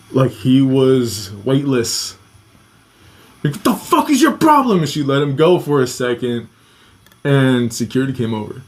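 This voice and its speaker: A man's voice: mid-range voice, a little mellow. A man casually telling a personal story on a podcast, swearing often and acting out the voices of the people in it. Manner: profane, restless, acts out quoted voices.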